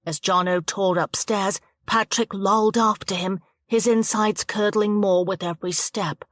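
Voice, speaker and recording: A woman reading a thriller audiobook aloud in a steady, measured narration. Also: mid-range voice, dry recording. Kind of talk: scripted narration of a thriller novel.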